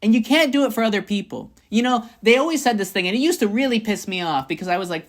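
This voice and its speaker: A young adult woman giving a blunt, profane motivational monologue to camera. She often repeats lines for emphasis and swings between high bursts and low murmurs. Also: fast talker. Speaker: vlogger.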